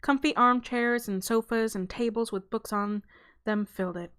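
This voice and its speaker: A woman hosting her channel, reading a children's novel aloud in a relaxed, casual way with small stumbles and self-corrections. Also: on the high side, moderate pace, clean tone. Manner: breaks off for a light aside and a laugh.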